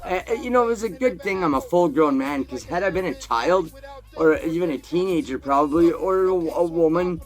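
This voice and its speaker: A man telling a crude, profane personal story in a casual, animated way, swearing constantly. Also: fairly high pitch, fairly quick.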